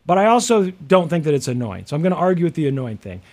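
Midwestern American man co-host, higher-pitched voice, rambling casual talk. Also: very animated, racing, darkish tone. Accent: General American Midwest. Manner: chatty, musing, full of fillers and restarts. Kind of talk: casual chat.

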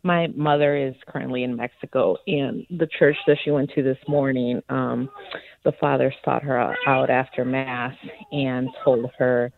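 A woman calling into a radio show, polite and hesitant with many pauses. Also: extremely low pitch, fairly even intonation, creaky. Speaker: caller. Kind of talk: call-in radio question. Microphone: telephone. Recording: tinny phone line.

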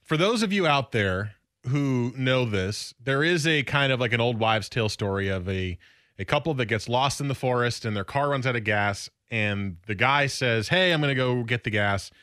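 Animated, bright-voiced radio co-host. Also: male voice, mid-range voice, normal speed, no room sound. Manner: reads a garbled story aloud with dry amusement. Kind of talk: casual radio banter.

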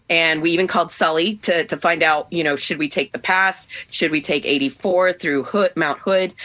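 A woman on a news radio show, telling a travel ordeal in an animated, emotional way, tearful at first. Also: deep voice. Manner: emotional, animated storytelling with acted quotes. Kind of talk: on-air phone-in storytelling.

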